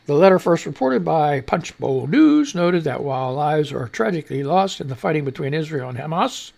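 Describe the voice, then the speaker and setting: A male radio host rambling through the news, reading items aloud and spinning off into jokey tangents. His voice sits high for a man, with a gravelly rasp and wide swings in pitch. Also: sing-song, normal speed, a little mellow. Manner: rambling, joking, reads headlines and posts aloud. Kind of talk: rambling comedic news commentary.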